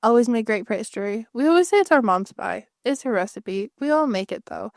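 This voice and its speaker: A woman co-hosting a podcast, chatting in a relaxed way with lots of fillers. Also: on the high side, fairly quick, vocal fry, no room sound, studio quality. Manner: relaxed, conversational, many fillers. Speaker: podcast co-host. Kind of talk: casual chat.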